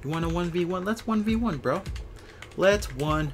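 A young man ranting and swearing over a video game, swinging between yelling and low muttering. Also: lively intonation, fast talker, faint music behind. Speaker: gaming YouTuber. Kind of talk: angry gameplay commentary.

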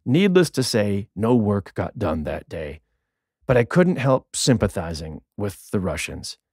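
A man reading his own humorous memoir audiobook in a recording studio, with a wry, deadpan storytelling manner. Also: lowish voice, a little slow, breathy edge, no room sound. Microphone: studio microphone.

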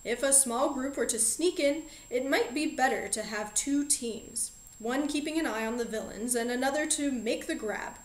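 A woman's voice: sits high, moderate pace, hardly any pauses, echoey room, natural voice, poor audio. A woman voicing a genial, eccentric middle-aged male magic shop owner who speaks in a fussy, polite and playfully formal way, for an audiobook. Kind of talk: audiobook character reading.

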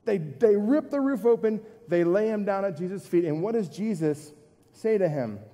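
A man's voice: high voice, animated, normal speed, warm tone, in a large hall. A man preaching a sermon to a church congregation in a conversational way, asking questions and repeating his points. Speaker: pastor.

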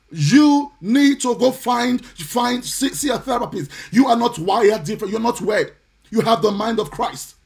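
A man preaching on a live stream, indignant and forceful, repeating his points and sometimes slipping into a sing-song cadence. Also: high voice. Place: home or church, streaming live.

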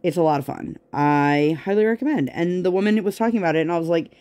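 A woman's voice: fairly low pitch, fast talker, warm tone. Rambling, chatty woman crafting at home. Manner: rambling, chatty, full of tangents and fillers. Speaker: crafting vlogger. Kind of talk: casual chat while working on a craft.

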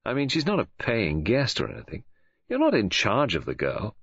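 A drawling, blasé young woman who lets her words roll and swing, read by a man with a low voice. She sounds languid and teasing in a storybook reading. The audio is dull and lo-fi, close and dry. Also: wildly swooping pitch, normal speed, vocal fry, a bit bright, slightly rough, dry recording, exaggerated voice. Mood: offhand.

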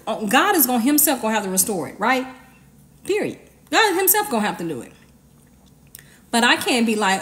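A woman's voice: high voice, big pitch swings, a little slow, long pauses, a bit bright. A woman giving an informal, emphatic sermon, talking conversationally with slang and repeated commands. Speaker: preacher.

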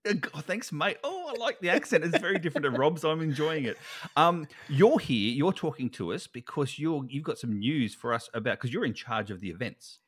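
A man's voice: fairly high pitch, expressive, fairly quick, husky. A man co-hosting a podcast in casual chat, playful and teasing, laughing often as he tells stories. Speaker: podcast co-host.

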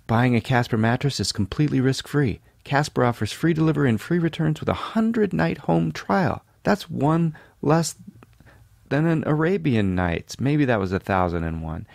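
A man from California, a podcast host, reads a sponsor ad in a sleepy, deadpan, self-mocking way full of asides. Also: medium pitch, moderate pace, vocal fry, dry recording, studio quality. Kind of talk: jokey ad read.

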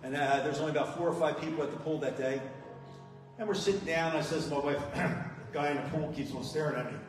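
A man's voice: fairly high pitch, fairly even intonation, quick pace, recorded from a distance. A man giving a testimony speech as a guest speaker at a recovery meeting, plain-spoken and earnest as he tells his story. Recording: echoey hall from afar with music.

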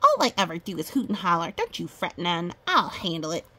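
A woman's voice: fairly low pitch, sing-song, brisk, pushed and bright, exaggerated voice. A woman doing a brash, folksy chicken rancher.

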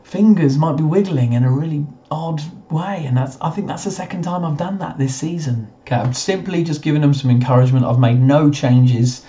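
A young man with a slightly croaky voice commentates his own football management game, muttering and then bursting into cheers at the screen. His voice is dark and mellow. The recording is a little dull and muffled. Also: fairly high pitch, fairly quick, hardly any pauses, a little hiss or hum. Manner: excitable, swings between muttering and cheering at the screen. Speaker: gaming commentator. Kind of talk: casual let's-play commentary.

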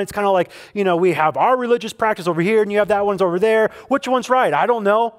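Male pastor, high voice, conversational sermon, emphatic repeated phrases, church service. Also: a little fast. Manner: conversational preaching with emphatic repetition.

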